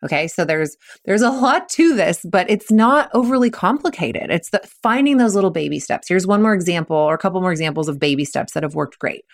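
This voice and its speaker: A woman hosting a podcast as a mental performance coach, explaining with energy and acting out kids' and coaches' voices in quick quoted asides. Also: on the low side, animated. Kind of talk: solo podcast talk.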